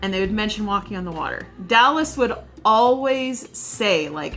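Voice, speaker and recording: A young woman vlogging about her favorite scenes, gushing and telling stories with excitement, with faint music behind her. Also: medium pitch, moderate pace, few pauses. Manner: gushing, excitable, animated storytelling. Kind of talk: casual fan commentary.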